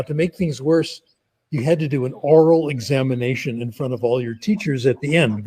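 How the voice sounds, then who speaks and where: Older man with a mellow, warm tone and a slightly husky edge, talking in an easygoing, anecdotal way. He makes academic points through conversational stories. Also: medium pitch. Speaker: guest speaker.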